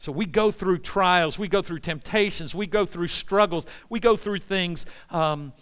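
A man preaching a sermon with passion, swinging between loud pleas and hushed, quiet lines. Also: high-pitched, measured pace, clear, resonant tone. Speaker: pastor. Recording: long hall reverb.

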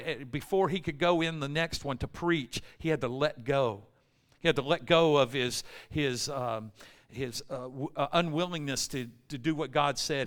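A man's voice: a little high, fairly bright tone, clear, resonant tone. A man preaching a casual, joking sermon in a church, acting out prayers, with fillers along the way. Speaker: pastor. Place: church sanctuary. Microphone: amplified microphone, loud in the room.

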